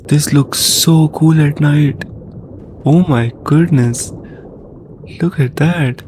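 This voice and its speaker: A man giving casual let's-play commentary on his gaming channel, excitable and jokey, often panicking at what happens on screen. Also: a little high, slow pace, pauses often, background noise.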